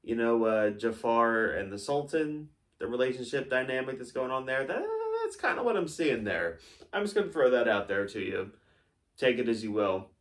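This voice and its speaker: A man's voice: mid-range voice, animated, moderate pace. Mock-serious man interviewing from a distance. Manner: mock-serious, accusatory questioning. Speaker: host, interviewer.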